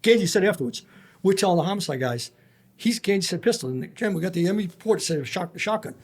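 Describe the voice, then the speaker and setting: A man's voice: sits high, animated, fast talker, darkish tone. A man, a former federal agent, telling blunt and profane stories full of quoted dialogue as a podcast guest. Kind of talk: storytelling in a casual interview.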